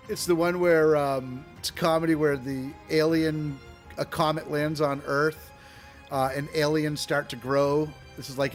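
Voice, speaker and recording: A man running a tabletop game, telling stories in a rambling way with lots of fillers and laughs. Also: fairly high pitch. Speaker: game master. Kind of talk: casual chat and game narration.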